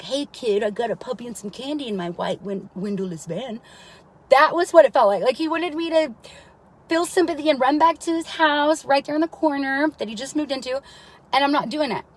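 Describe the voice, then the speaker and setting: A woman's voice: fairly high pitch, poor audio. A mother telling a long, rambling personal story on a live stream, with frequent swearing and asides of "right?" to her listeners. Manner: keeps checking in with listeners by asking "right?".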